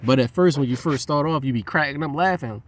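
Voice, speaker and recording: A man's voice: a little high, quick pace. A man talking in a loose, profane, rambling monologue. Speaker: host.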